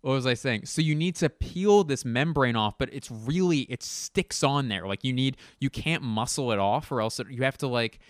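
A man hosting a podcast, doing a casual comedic monologue. He rambles and swears, interrupts himself, and jumps into sudden animated exclamations. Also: medium pitch, moderate pace, hardly any pauses, dry recording, studio quality. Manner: rambling, profane, self-interrupting rant.

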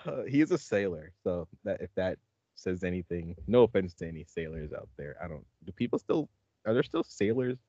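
A man's voice: deep voice, animated, fairly quick, mellow, dry recording, lo-fi sound. A man hosting a podcast in casual chat, rambling and laughing often as he talks. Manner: rambling, laughs often, acts out movie lines. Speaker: podcast host.

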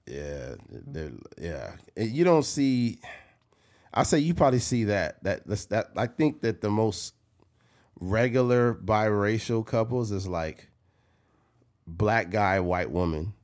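A man's voice: lowish voice, expressive, slow pace, darkish tone. A man co-hosting a casual podcast, joking, swearing freely and acting out quotes. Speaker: podcast co-host. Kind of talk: casual chat.

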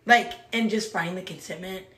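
A woman's voice: fairly low pitch, a little fast, fairly bright tone. A woman who leads a small group, chatting casually about faith, rambling, filling with "like" and laughing often. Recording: roomy echo.

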